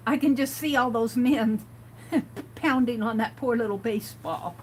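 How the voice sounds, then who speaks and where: A woman's voice: fairly high pitch, moderate pace, a little hiss or hum, poor audio. A woman hosting a casual art livestream, chatting and reading quotes aloud with amused comments. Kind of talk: casual craft livestream chat.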